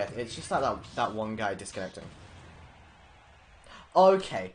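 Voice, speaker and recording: Excitable young man streaming a game. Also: fairly low pitch, moderate pace, faint music behind. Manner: excitable, laughs often, stammers and restarts. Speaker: live streamer. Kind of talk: live gameplay stream commentary.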